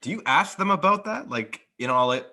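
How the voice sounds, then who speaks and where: A man's voice: a little high, lively intonation, moderate pace, sharp tone. A young man co-hosting a podcast, chatting casually and asking laid-back follow-up questions. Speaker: podcast co-host. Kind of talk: casual chat.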